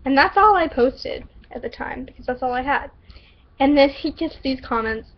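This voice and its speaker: A woman's voice: high voice, animated, moderate pace, gravelly. Woman from the Southern US, casual vlogger reading her story, giggly and chatty, muffled recording. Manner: giggly, chatty, self-interrupting.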